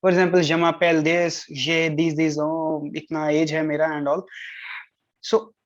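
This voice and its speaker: On a dull, lo-fi recording, a tutor with a middle-pitched, level-toned voice gives exam tips at a moderate pace. They switch between explanations and French example phrases, saying "all right" between each point.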